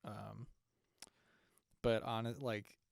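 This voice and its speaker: A man's voice: fairly low pitch, little pitch movement, very slow, creaky, no echo, studio quality. A young man co-hosting a podcast in casual chat, rambling with lots of fillers and restarts. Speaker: podcast co-host.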